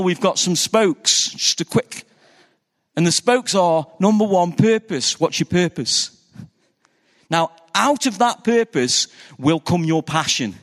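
Pastor preaching in a reverberant hall. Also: male voice, fairly high pitch, a bit bright. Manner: conversational preaching with rhetorical questions to the congregation. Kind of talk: sermon. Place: church hall.

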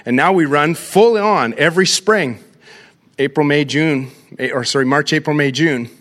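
A middle-aged man, a pastor giving an energetic, story-driven talk to a church crowd and calling them "guys". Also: a little high, normal speed.

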